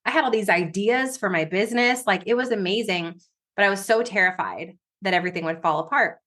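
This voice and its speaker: A woman speaking as a podcast guest, her voice at a middle pitch. She tells her story with emphasis and builds vivid examples to make her point. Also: brisk, a bit bright. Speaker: guest business coach. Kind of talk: conversational interview storytelling.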